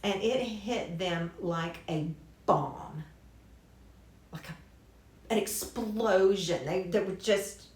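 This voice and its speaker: A woman's voice: medium pitch, darkish tone. A woman teaching a Bible lesson in a conversational way, restarting phrases and adding asides. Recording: roomy church classroom.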